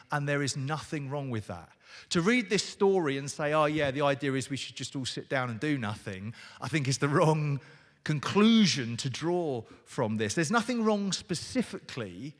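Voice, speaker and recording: A man's voice: fairly high pitch, fairly bright tone. A man preaching a sermon, talking conversationally and animatedly and addressing the congregation directly. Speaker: pastor. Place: church hall. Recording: reverberant church hall.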